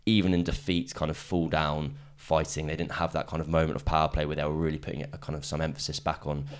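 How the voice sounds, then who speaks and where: A man's voice: a bass voice, level tone. A man co-hosting a podcast, chatting casually about cricket in a rambling way full of "kind of". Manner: fast, rambling, leans on "kind of". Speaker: podcast co-host.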